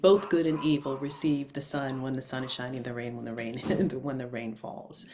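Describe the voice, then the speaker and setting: A woman coach teaching an online class, telling personal stories in a frank, informal way to her audience. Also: deep voice. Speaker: coach and advisor.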